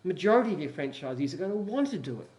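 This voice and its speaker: A man's voice: a little high, very animated, very fast, a little mellow. An older man, a company founder, talking casually on a live stream, stumbling and repeating words as he tells a story. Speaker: company founder answering questions.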